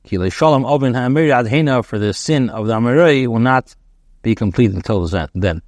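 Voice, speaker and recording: A man teaching as a rabbi, reading a text phrase by phrase and translating it, pausing with ums and correcting himself. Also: mid-range voice, expressive, a little mellow, dry recording. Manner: reads a phrase, then translates it, with frequent ums and self-corrections. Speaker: rabbi teaching a daily Torah class.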